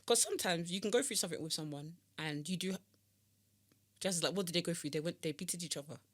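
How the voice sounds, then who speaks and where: A young woman co-hosting a casual podcast chat, expressive and playful, with a mock-outraged edge. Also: on the low side, fast talker. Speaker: podcast co-host.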